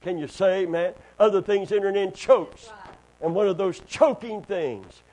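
A middle-aged man preaching a sermon, rising to loud high cries and dropping to quiet low asides. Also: moderate pace, rough recording. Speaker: pastor.

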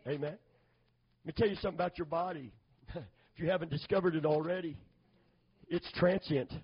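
A middle-aged man preaching a sermon, calling for amens and building to loud, fervent emphasis. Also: a little high, steady tone, a little fast, husky. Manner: call-and-response, asking for amens. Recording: dull lo-fi sermon recording.

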